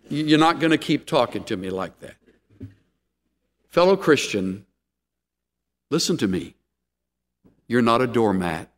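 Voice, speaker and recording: A man preaching a sermon as a pastor, telling stories with laughs and acting out lines. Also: mid-range voice. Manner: animated storytelling with laughs and acted-out lines. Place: church sanctuary. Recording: echoey hall.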